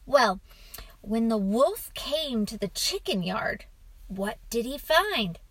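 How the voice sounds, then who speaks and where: A woman voicing a patient, gently teasing father who tells his son a bedtime story, in a storybook reading. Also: on the high side, big pitch swings, slow, slightly rough, dry recording, exaggerated voice.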